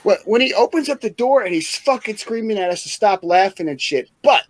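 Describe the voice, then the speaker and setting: A man's voice: high-pitched, fairly quick, no echo. A man from Missouri, a podcast co-host, telling funny stories in a casual chat, swearing a lot and laughing as he talks. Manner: laughing, profane, animated storytelling.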